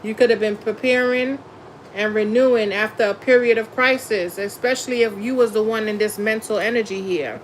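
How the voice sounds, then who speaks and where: A woman's voice: fairly high pitch, fairly even intonation, a little fast, a little hiss or hum, rough recording. A woman tarot reader chatting casually on a live stream, laughing often and talking in a blunt, slangy way. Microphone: phone or webcam on a live stream.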